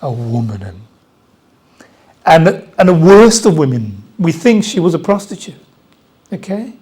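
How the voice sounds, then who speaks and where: Slow, chatty Australian preacher. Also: mid-range voice, big pitch swings, a little mellow, breathy edge. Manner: conversational, repeats key phrases, jokes with the congregation. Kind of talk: Easter sermon. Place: church.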